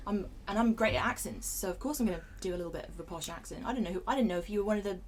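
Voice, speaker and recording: A woman's voice: medium pitch, very fast, a little hiss or hum, poor audio. A young woman from Bristol with a Bristolian accent, a stand-up comedian chatting in a chatty, playful way. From England. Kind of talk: casual chat.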